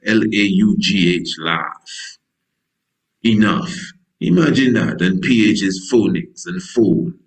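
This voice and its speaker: Slow, low-voiced preacher man. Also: rough recording. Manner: folksy, digressive preaching with wordplay; acts out biblical dialogue in voices. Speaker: priest. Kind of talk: sermon.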